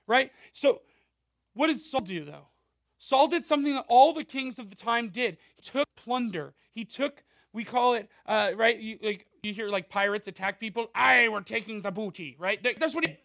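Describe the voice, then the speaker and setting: A male pastor giving a conversational sermon, animated, with frequent asides and rhetorical questions. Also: very high-pitched, moderate pace, no echo, clean studio sound.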